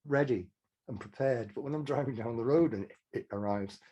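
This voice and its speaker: An older man tells stories from his songwriting career. His voice is mellow and dark at a middling pitch. He speaks in animated bursts with halting restarts. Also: husky, dull audio. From Manchester, England. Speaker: songwriter guest. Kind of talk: casual interview storytelling.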